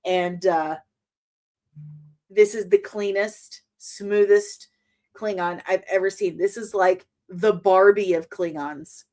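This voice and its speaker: A woman in her forties hosting a casual reaction to a trailer, animated and exclamatory with mock outrage. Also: mid-range voice, slow pace. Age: 40s.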